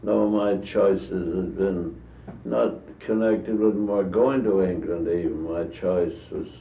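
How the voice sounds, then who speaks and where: An elderly American man with a very low voice recalls old stories at length, trailing off and restarting his sentences. He is heard off-mic on a dull old tape in an echoey room with faint hiss. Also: vocal fry, distant mic. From United States. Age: 80s. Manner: rambling anecdotal storytelling with halting restarts. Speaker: interviewee. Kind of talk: recorded archival interview.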